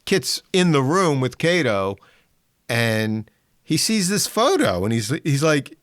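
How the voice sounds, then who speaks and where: Lively-pitched man chatting about a film. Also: slow pace, dry recording, clean studio sound. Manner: lively, chuckling, jumps in with details. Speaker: podcast co-host. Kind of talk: casual film discussion.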